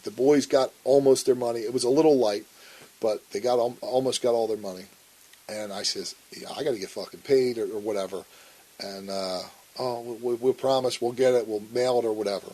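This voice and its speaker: A man's voice: mid-range voice, fairly even intonation, a little fast, mellow, rough recording. A man telling a story in a blunt interview, swearing often and acting out the arguments he recounts. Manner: blunt and profane, acts out quoted arguments. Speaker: interview guest.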